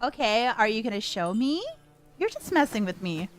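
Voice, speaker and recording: A woman reacting to a game in casual commentary, excitable, flustered and giggly. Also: a little high, moderate pace, faint music behind. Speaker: streamer.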